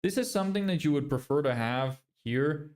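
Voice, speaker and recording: Brisk and lively, a slightly high, somewhat mellow male voice belongs to a business vlogger who mutters frank criticisms of websites during a screen livestream. The accent is casual and neutral, commonly taken for American.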